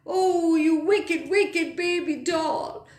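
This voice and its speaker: A woman voicing a boastful, wicked clockwork cock bird who wails in a shrill voice. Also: drawn-out words, exaggerated voice. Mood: wailing. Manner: shrill wailing, shouting. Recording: echoey room.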